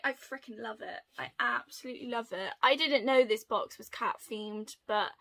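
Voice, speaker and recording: A young woman chatting through an unboxing video, gushing and excitable, often gasping with delight. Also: fairly high pitch, normal speed, hardly any pauses. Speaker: unboxing vlogger. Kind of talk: casual unboxing chat.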